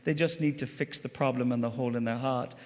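An Irish man telling a story during his sermon as a pastor, chatty and animated, talking straight to the congregation. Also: medium pitch, fast. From Ireland. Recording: long hall reverb.

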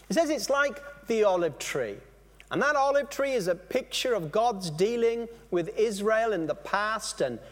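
A man preaching a sermon, animated, stopping and restarting phrases as he explains. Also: high voice, long reverb tail. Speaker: pastor.

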